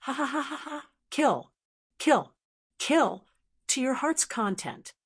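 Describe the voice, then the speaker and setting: Rock demon, male, monstrous and gleeful, high and wild, read by a woman. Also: sing-song, slow pace, exaggerated voice. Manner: wild laughing, bloodthirsty.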